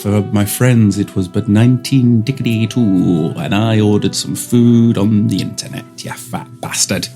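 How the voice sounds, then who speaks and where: A man's voice: fairly low pitch, fairly even intonation, measured pace, hardly any pauses, dark tone, faint music behind. A man, improvising a rambling, silly comic monologue as a podcast host. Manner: rambling, silly, switches into funny voices.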